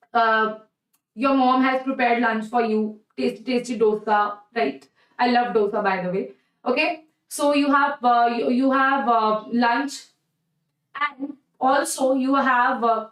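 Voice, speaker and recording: Recorded low-quality from far away in an echoey room, a woman with a high-pitched, fairly bright voice and an Indian English accent teaches chemistry for exam prep. She's repetitive and coaxing, frequently asking "okay? right?"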